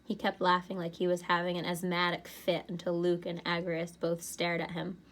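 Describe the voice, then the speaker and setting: A woman's voice: lowish voice, moderate pace. Woman teacher reading a novel aloud. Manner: expressive storybook narration.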